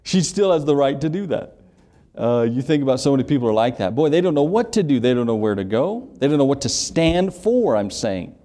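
A man's voice: mid-range voice, big pitch swings, fairly quick, warm tone. A man preaching a sermon, reading scripture aloud and asking rhetorical questions with emphasis. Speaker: pastor.

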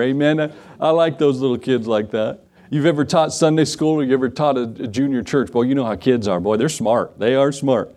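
A man's voice: medium pitch, a little fast, a little mellow. A man preaching a sermon as pastor, telling folksy stories and acting out the people in them. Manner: folksy storytelling, acts out quotes.

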